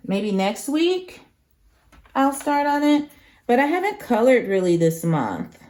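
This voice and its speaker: A woman's voice: a little high, big pitch swings, unhurried, darkish tone. A young woman hosting a crafting channel, chatting casually and emphatically with lots of slang while she works.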